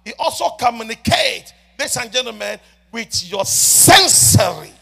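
A man preaching a sermon as a prophet, swinging between loud shouts and soft murmured prayer and repeatedly addressing the congregation. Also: very high voice, very animated, moderate pace, vocal fry, slightly rough. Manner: repeats "ladies and gentlemen" often.

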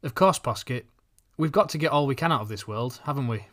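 A man voicing a thin, money-minded schoolboy who talks calmly and deliberately. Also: medium pitch, natural voice. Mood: calculating. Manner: calm, calculating, deliberate.

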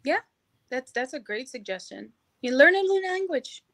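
A middle-aged woman speaking as a guest on an interview show, energetic and encouraging, with lots of "you know" fillers. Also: high-pitched, moderate pace, dry recording. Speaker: podcast guest, hospitality professional. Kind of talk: casual interview chat.

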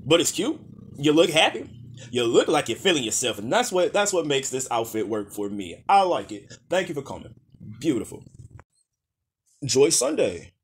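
A man's voice: medium pitch, big pitch swings, normal speed, a little hiss or hum. A man roasting red carpet outfits in blunt, profane rants, calling names over and over and telling people to go to hell. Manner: blunt, profane, exasperated rants with repeated name calls. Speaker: fashion critic.

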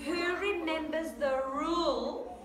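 A high-pitched woman teacher coaxes her class through a spelling rule, asking question after question and spelling out letters. She is heard from a camera across an echoey classroom, with faint background noise. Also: slow. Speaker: primary school teacher. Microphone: camera at a distance. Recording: echoey room, far from mic, faint noise.

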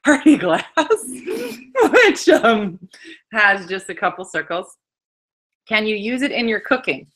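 Middle-aged woman, chatty livestream host, bright voice, animated pitch. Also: takes it slowly, pauses often. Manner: chatty, laughing, reading viewer comments aloud. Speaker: host of a live wine-tasting show. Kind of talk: casual livestream chat.

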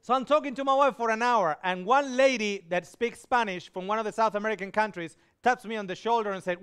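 A man preaching a sermon, telling a personal story in an animated way and acting out the voices he quotes. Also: high-pitched, a little fast, few pauses, smooth.

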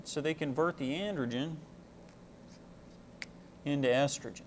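A young man walks through a lesson in a relaxed, conversational way, reaching for everyday comparisons. His voice sits at an ordinary middle pitch and is broken up by frequent "uh" pauses. A faint hiss sits under the recording. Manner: casual, uses homely analogies, frequent "uh". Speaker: medical student presenter. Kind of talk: explanatory lecture.

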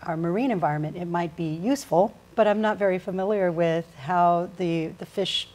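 A woman's voice: lowish voice, moderate pace, darkish tone. A woman from Guam, a senator running again, answering panel questions hesitantly while searching for words. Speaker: senator and candidate.

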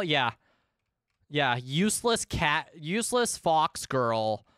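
A young man livestreaming a game, chatting with his viewers in a bright, high-leaning voice that swings up and down. The sound is close and dry, with a smooth, clear tone. He keeps it casual and animated, swearing freely as he goes. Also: no room sound. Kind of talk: casual gaming stream chat.

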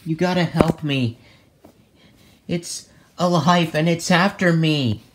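A man voicing a frightened young male dragon sidekick in a plush toy play, crying out for help in a high voice. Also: slow. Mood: panicked. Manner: high, panicked cries for help.

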